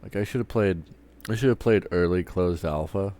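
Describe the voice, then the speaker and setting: Deep-voiced streamer guy ranting, swears a lot, keeps restarting sentences. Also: normal speed, dark tone. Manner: profane, rambling, restarts often. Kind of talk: casual rant while streaming.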